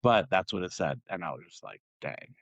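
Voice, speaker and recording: A man's voice: sits low, animated, fast talker, creaky, dry recording, muffled recording. A man co-hosting a podcast, chatting casually and rambling with many fillers and laughs. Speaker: podcast co-host. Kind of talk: casual chat.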